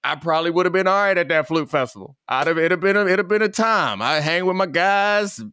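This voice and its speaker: A man's voice: high-pitched, fast, sharp tone, clear, resonant tone. A man co-hosting a sports talk podcast, joking with dry, teasing humor in casual chat. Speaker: podcast co-host.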